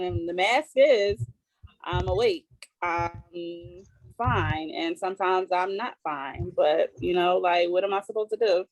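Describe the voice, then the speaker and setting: A fairly low female voice comes through a dry, rough recording. She's a woman in her thirties co-hosting a casual podcast, opening up about motherhood haltingly, with lots of fillers and restarts.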